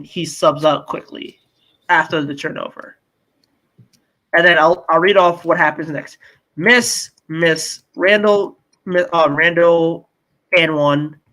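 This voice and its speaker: A man's voice: a little high, sharp tone, poor audio. A young adult man co-hosting a casual sports podcast, ranting in exasperation and swearing often. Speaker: podcast co-host.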